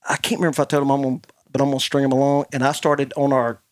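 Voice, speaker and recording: A man's voice: medium pitch, flat delivery, racing, no room sound, clean studio sound. A man hosting a podcast, telling a rambling anecdote in casual chat and laughing often. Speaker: podcast host.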